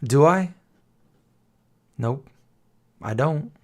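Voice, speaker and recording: A man's voice: fairly high pitch, lively intonation, extremely slow. A man in his forties hosting a late-night livestream, telling rambling, playful nostalgic stories and singing old jingles. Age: 40s. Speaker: livestream host. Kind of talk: casual nostalgic storytelling to chat.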